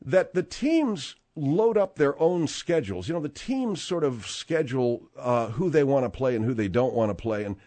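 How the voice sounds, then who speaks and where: A man hosting a sports talk radio show, bantering with his co-hosts and reading out the news in an animated, rambling way. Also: medium pitch, moderate pace, hardly any pauses, dry recording. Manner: animated, rambling, with frequent restarts.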